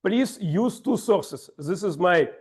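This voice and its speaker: A man's voice: sits high, lively intonation, slow pace, darkish tone, slightly rough. A man giving a joking, ironic impromptu speech at a speaking club.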